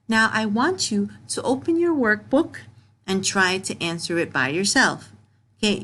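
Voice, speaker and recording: A woman teaching young pupils in a recorded grammar lesson, reading sentences aloud slowly word by word and patiently repeating herself. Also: mid-range voice, fairly bright tone. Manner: repeats and restarts phrases.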